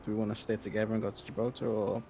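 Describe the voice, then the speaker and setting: A man's voice: lowish voice, level tone, rapid-fire, creaky, darkish tone, husky. A man playing in a tabletop game, talking hesitantly with many fillers. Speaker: player. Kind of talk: casual game chat.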